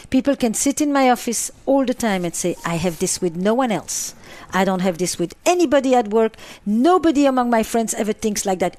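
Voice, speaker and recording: A woman's voice: mid-range voice, darkish tone. A middle-aged woman psychotherapist answering interview questions, driving points home with repeated phrases and lists.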